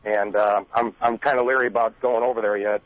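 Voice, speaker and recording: A man's voice: on the low side, level tone, a little fast, no room sound. A man calling in to a radio show, polite and hesitant with fillers. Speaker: caller. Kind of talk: phone-in questions. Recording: dull band-limited radio audio.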